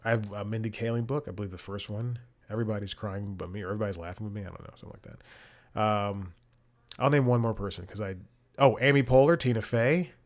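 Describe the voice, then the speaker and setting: Rambling, lower-pitched man on a comedy podcast. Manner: rambling, restarts, exasperated swearing. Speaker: podcast host. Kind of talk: rambling casual chat. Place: home room with bookshelves.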